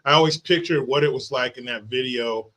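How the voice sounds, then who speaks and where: A podcast host with a mid-range, fairly bright voice runs a casual interview at a brisk clip. He is chatty and meandering, using many fillers as he sets up long questions.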